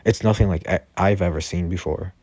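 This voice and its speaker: A man's voice: deep voice, brisk, dark tone, no echo. A man voicing a nervous teenage boy hero, hesitant and questioning, with many fillers. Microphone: Discord voice chat.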